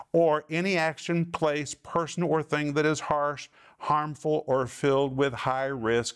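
A man's voice: fairly high pitch, clean tone. Emphatic man teaching the Bible. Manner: emphatic, earnest, stresses words in lists. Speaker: Bible teacher and program host.

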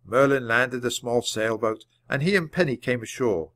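A man reading a children's book aloud at a clear, measured pace. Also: mid-range voice, fairly bright tone, no echo. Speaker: storybook reader.

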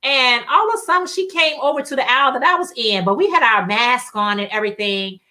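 A woman's voice: high voice, brisk, bright, forceful tone. A woman hosting a casual crafting livestream, telling chatty stories in colloquial speech and reading viewer comments aloud.

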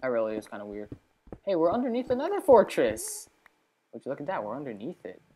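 A woman hosting a gaming channel, giving chatty let's play commentary straight to her viewers, with sudden excitable outbursts. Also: a bass voice, fast, breathy edge.

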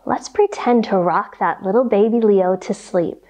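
A woman's voice: mid-range voice, lo-fi sound. A young adult woman leading a children's yoga storytime, reading aloud and giving playful movement cues with animal sounds. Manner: animated, slow, playful sound effects for kids.

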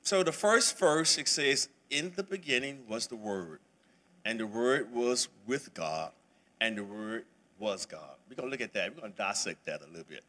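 Bright-voiced man teaching Bible study. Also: mid-range voice, expressive, normal speed. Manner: casual and conversational, with many fillers and restarts. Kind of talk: church Bible study lesson. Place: church sanctuary.

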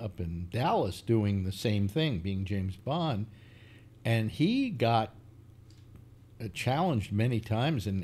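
Animated older man telling stories. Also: on the low side. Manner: rambling, animated storytelling with many fillers. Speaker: host. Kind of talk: casual chat.

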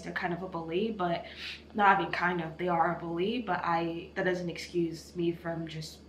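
A young woman vlogs straight to camera while teary from crying, rambling candidly and poking fun at herself. Her voice sits a little low. The sound has an echoey, roomy quality. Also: slight background noise. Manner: rambling, candid and self-mocking. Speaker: vlogger. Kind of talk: casual vlog talk to camera. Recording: echoey room.

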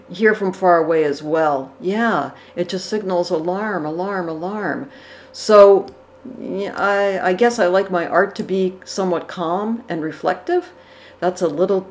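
A woman's voice: lowish voice, a little hiss or hum. A woman giving casual reaction commentary on portrait paintings, thoughtful, with fillers and self-corrections. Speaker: art commentator. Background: dogs barking.

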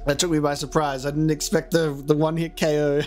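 A man giving casual, chatty let's-play commentary, thinking out loud and poking fun at himself. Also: a little high, little pitch movement, fairly quick, a little hiss or hum. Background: game music.

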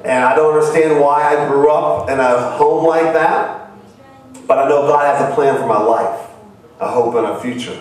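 A man's voice: mid-range voice, moderate pace, recorded from a distance. Earnest missionary man preaching in an echoey hall. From Ohio. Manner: earnest storytelling, rising to cries. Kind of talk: sermon. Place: church hall.

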